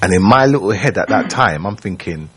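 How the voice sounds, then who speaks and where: A man, telling his own story as a radio guest in a slow, reflective way, often checking that the listener follows. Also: low-pitched, lively intonation, a bit bright, slight background noise. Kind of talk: personal storytelling. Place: radio studio.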